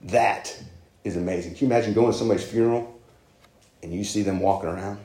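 A man's voice: lowish voice, fast, mellow. Earnest preaching man in an echoey room. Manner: earnest, conversational preaching with emphatic rises. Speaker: pastor. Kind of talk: sermon.

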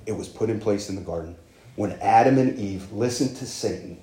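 A man's voice: lowish voice, fairly quick, mellow, echoey room. A man preaching a sermon as pastor, earnest and conversational, with emphatic rises.

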